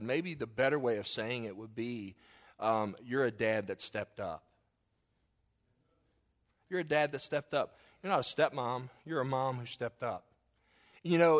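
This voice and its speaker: A middle-aged man pastor preaching a sermon, telling folksy family stories and acting out the quoted voices. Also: mid-range voice.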